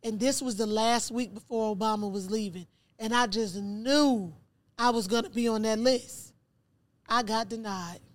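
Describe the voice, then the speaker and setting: A woman with a voice on the high side, speaking at normal speed, is a podcast guest recounting her life story in conversation. She acts out dialogue from her memories and repeats words for emphasis.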